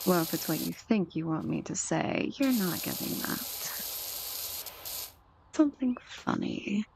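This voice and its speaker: A young woman chats softly with her viewers over an ASMR gaming stream, teasing them in an unhurried, laid-back way. Her voice sits low and drags along slowly with plenty of vocal fry. A steady wash of noise and game spray sounds runs behind her. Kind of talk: soft-spoken ASMR gaming stream chat.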